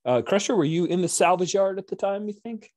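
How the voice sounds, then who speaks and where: A man's voice: sits high, brisk, darkish tone, dry recording, clean studio sound. A man narrating a tabletop game as game master, chatty and enthusiastic.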